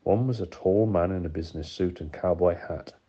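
A man reading an audiobook in steady, measured narration. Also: sits low, husky. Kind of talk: scripted narration. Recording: dull lo-fi recording.

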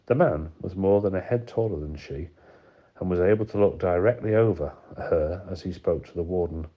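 A man reading an audiobook in steady, measured narration. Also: deep voice. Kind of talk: scripted narration. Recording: dull lo-fi recording.

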